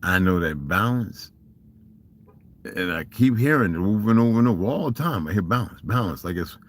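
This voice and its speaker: A man's voice: lowish voice, lively intonation, fairly quick. A man with a Southern US accent ranting casually and profanely on a livestream, emphatic and laughing often. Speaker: livestream host. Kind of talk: casual rant.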